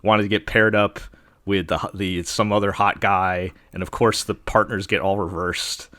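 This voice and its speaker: Low-voiced man, rambling podcast host. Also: little pitch movement, moderate pace, sharp tone, no room sound, clean studio sound. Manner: rambling, lots of fillers and restarts. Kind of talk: casual chat reviewing anime.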